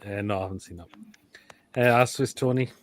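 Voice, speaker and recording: A man's voice: on the low side, brisk, background noise. A man hosting a live football stream, reacting to food pictures and reading comments with crude, blunt quips. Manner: crude, blunt quips with sudden loud outbursts. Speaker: host of a live football show.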